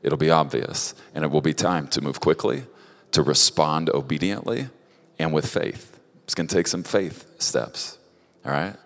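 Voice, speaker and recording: A man giving prophetic words to people one at a time, speaking directly to each in a halting way, often repeating words. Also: a bass voice. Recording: long reverb of a large hall.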